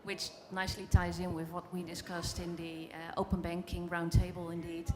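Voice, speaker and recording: Low-voiced woman on a panel, hall reverb. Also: level tone, moderate pace, music in the background. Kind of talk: conference panel discussion. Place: conference stage in a large hall.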